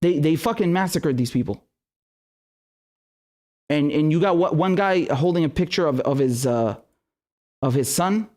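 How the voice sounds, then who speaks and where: The host is a young man on a political livestream whose voice sits on the high side, with a darkish tone. He's animated yet measured, pausing often as he swears heavily, stammers and restarts in anger, and reads viewer super chats aloud.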